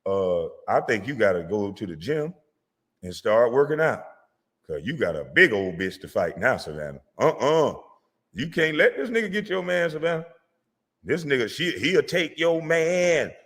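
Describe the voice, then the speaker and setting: A man delivering a profane, mocking comedic rant as a vlogger, sometimes breaking into shouts. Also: medium pitch, sing-song, moderate pace, in a large hall. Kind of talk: comedic rant reacting to sports media.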